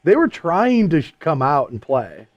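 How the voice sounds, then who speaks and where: A man co-hosting a casual post-match chat, animated and quick to laugh. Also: on the high side, dry recording, highs cut off. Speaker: co-host.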